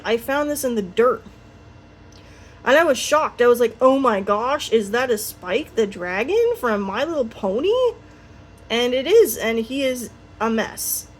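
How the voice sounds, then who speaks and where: A woman's voice: on the high side, a little hiss or hum. A woman chatting casually through her toy collection, rambling with frequent ums and little laughs. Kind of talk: casual show-and-tell chat.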